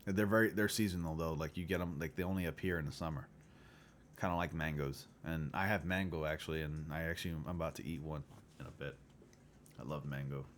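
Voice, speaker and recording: A man's voice: extremely low pitch, steady tone, brisk, a little hiss or hum. A man hosting a casual livestream chat, rambling with lots of filler words and chuckling often. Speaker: livestream host.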